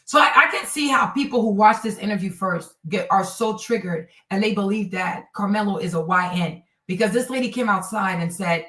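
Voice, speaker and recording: A woman hosting a live stream, reacting to video clips in an animated, mocking way and tossing in Spanish words. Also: mid-range voice, moderate pace, few pauses. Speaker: streamer host. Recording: roomy, distant from mic.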